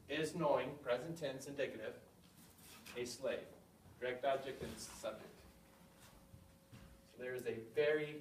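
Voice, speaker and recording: A male teacher walks a class through a simple sentence, pausing to check for questions. His voice sits at an average pitch. It is picked up from across an echoey classroom. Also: distant mic, a little hiss or hum. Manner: explains step by step, checks for questions. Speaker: Greek teacher. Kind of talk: classroom lecture.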